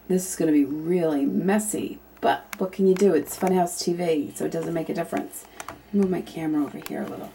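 A young woman chatting casually through an unboxing vlog, thinking aloud and at times breaking into excited squeals. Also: on the low side, normal speed, slight background noise. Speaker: YouTube vlogger.

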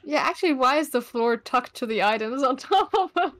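A woman's voice: sits high, expressive, brisk, a bit bright. A young woman co-hosting a webcomic read-along, chatty and teasing, who laughs easily. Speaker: co-host, reading narration. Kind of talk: casual chat.

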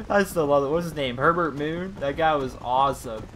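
A young man giving casual, jokey let's-play commentary, bursting into excited shouts, with his voice over the game audio. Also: on the high side, moderate pace, few pauses, slight background noise. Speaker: gaming commentator. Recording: voice over loud game sounds. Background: game sounds, horse hooves.

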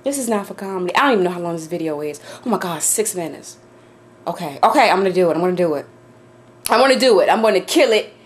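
A woman's voice: lowish voice, expressive, quick pace, noisy background. A woman vlogging to camera from her home office, swearing, laughing nervously and shrieking in fear. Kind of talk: casual vlog to camera.

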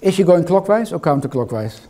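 A man's voice: a little high, sing-song, a little fast, mellow. An older man with a foreign accent giving a lecture in a hall, teasing and quizzing the audience as he goes. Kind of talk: interactive lecture.

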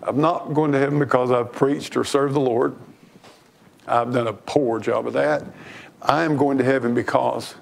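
A man's voice: mid-range voice, fairly even intonation, normal speed, vocal fry. A man preaching a sermon from the pulpit, emphatic and fervent, repeating his phrases for weight. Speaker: pastor. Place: church.

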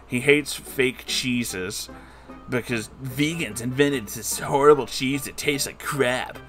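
A man's voice: medium pitch, slow pace, fairly bright tone, faint music behind. A man giving comedic, sarcastic commentary while reading a book aloud, exasperated and swearing freely.

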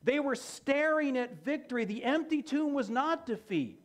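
A man's voice: very high-pitched, animated, moderate pace. A man preaching a sermon as pastor, emphatic and repeating key phrases for effect.

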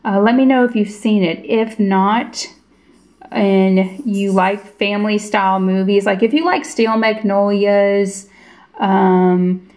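A woman's voice: mid-range voice, darkish tone, roomy sound. A woman vlogging casually at home by a window. She chats and tells stories with gusto, acting out the lines of the people she quotes. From United States. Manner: chatty and storytelling, acts out quoted dialogue. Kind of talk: casual vlog chat. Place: indoors at home in front of a window.

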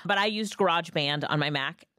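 A woman hosting a casual software tutorial, chatty and lively, recorded on a studio microphone. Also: lowish voice, a little fast, no echo. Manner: chatty, lively ups and downs. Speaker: tutorial host. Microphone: studio dynamic mic.

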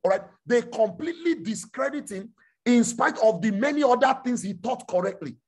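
A male preacher gives a sermon at normal speed, his slightly husky voice swooping in pitch and climbing sharply when he drives a point home. He repeats phrases, asks rhetorical questions, checks that listeners understand, and rises to shouts.

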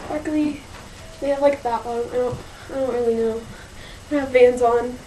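Teen girl rambling thru her haul vid, kinda high voice, real slow, says y'all a lot. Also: steady tone, background noise. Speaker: vlogger. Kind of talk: casual haul video.

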